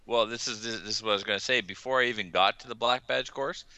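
A very deep-voiced man co-hosts a casual podcast, chatty and full of dry quips. His tone is sharp, crisp and very dry. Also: fast, no room sound. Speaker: podcast co-host. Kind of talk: casual chat.

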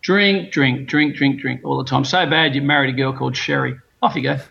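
A man's voice: medium pitch, a little fast, gravelly, dull audio, slight background noise. An Australian man voicing a stern male God who turns people away at heaven's gate while telling a joke, mocking and repeating words for comic effect. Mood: scolding.

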